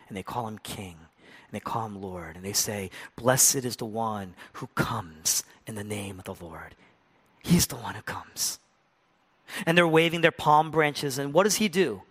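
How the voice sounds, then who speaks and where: A man preaching a sermon with a rhetorical, repetitive cadence. He drops to hushed, near-whispered lines, then builds to loud, impassioned passages. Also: mid-range voice, slightly rough. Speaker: pastor.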